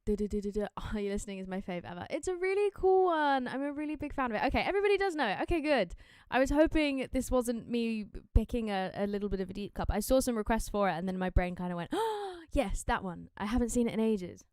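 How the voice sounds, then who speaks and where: A woman's voice: a little high, lively intonation, fast, hardly any pauses, a little mellow, clean tone, dry recording, clean studio sound. Bubbly chatty woman streamer. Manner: chatty, bubbly, self-interrupting. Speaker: musician hosting a watch party. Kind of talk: casual livestream chat.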